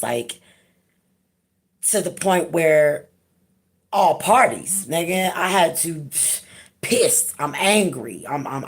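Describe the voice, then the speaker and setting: Low gravelly-voiced woman, candid vlog talk. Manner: frank and emphatic, casual with profanity. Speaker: channel host.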